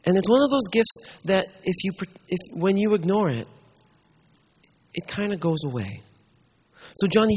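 A kindly older pastor with a tender, gentle temper, played by a man telling a story from the pulpit. He speaks softly and slowly, stumbling over his words in halting repeats. The tone is a touch husky. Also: high-pitched, full character voice. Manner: soft, slow and hushed, with halting repeats.

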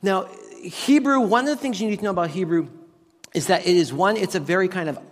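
A man preaching a sermon as pastor, teaching on Hebrew words with lively rhetorical questions. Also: high voice, fairly quick, big-room sound. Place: church sanctuary with tech team.

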